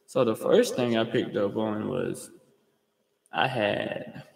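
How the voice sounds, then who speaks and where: Gravelly young man rambling, roomy echo. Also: on the low side. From US state of Georgia. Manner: rambling, profane, slangy; fast talker. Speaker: livestream host. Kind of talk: casual storytelling monologue. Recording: roomy with long reverb.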